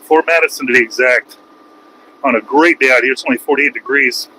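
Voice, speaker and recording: A man's voice: mid-range voice, brisk, bright, forceful tone, slight background noise, rough recording. A man, a truck driver, ranting on a casual livestream from his cab while driving, crude and taunting. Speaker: truck driver streaming live.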